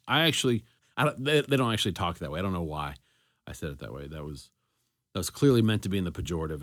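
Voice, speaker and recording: Man, lowish voice, dry close sound, thinks aloud, backtracks, conversational faith podcast host. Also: animated, quick pace, no echo. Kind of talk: solo reflective talk on faith.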